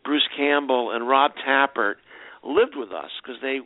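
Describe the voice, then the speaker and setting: A film director chats through long, rambling anecdotes and trips over his words as he goes. His mid-pitched voice comes through dry and tinny, as if over a phone line. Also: unhurried, no room sound. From United States. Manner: rambling anecdotes with many restarts. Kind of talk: casual interview answers.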